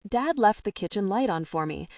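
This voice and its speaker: A woman narrating a first-person romance audiobook in an intimate, unhurried way. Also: medium pitch, expressive, darkish tone, no echo, studio quality.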